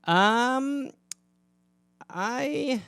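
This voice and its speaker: A man's voice: extremely high pitch, very slow, a bit bright, clean tone, dry recording. A man from Wisconsin with an American Midwestern accent, hosting a casual solo chat in a rambling, profane, self-mocking way. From Wisconsin, USA. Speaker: comedian host answering fan questions.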